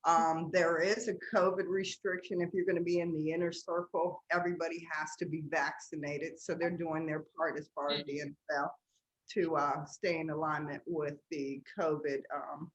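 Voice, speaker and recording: A woman with a lowish voice runs through sports news as a co-host. She sounds lively and enthusiastic and speaks in a casual, conversational way. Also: normal speed, dull audio. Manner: enthusiastic, loud bursts of laughter.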